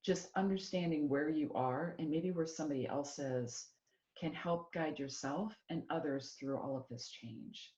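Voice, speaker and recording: A middle-aged woman from Iowa, an executive coach giving an animated presentation and acting out quoted voices. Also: deep voice, normal speed. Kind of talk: motivational presentation. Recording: echoey room, dull lo-fi sound.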